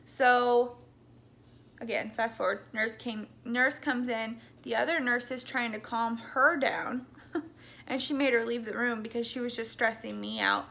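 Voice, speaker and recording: A young woman with a fairly high, steady voice tells her birth story at a measured pace, her tone creaky and sharp. She rambles casually, full of ums and likes, often backtracking, and at times grows tearful with her voice breaking.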